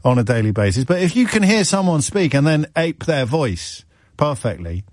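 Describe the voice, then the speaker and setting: A man's voice: a little high, very animated, moderate pace, a little mellow, dry recording. A man hosts a radio phone-in from a dry, close studio mic. He talks in loose, rambling asides and teases himself and his team as he goes. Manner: rambling, teasing, self-mocking asides. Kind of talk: casual radio chat. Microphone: studio microphone.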